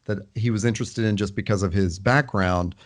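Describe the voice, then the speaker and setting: A man with a somewhat low voice co-hosts a casual book-club podcast. He speaks thoughtfully and hesitantly, often pausing and restarting as he works through his thoughts. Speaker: podcast co-host.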